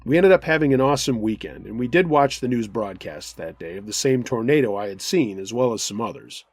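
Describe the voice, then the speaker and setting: A man's voice: mid-range voice, lively intonation, brisk, dry recording. A man hosting a scary story show, reading a listener's first-person account with earnest, dramatic storytelling.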